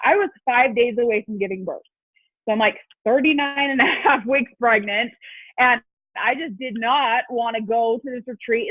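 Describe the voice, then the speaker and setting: A woman's voice: on the high side, dry recording. A young woman telling a long personal story to her team on a call, chatty and long-winded. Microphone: phone call. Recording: tinny phone line, dry.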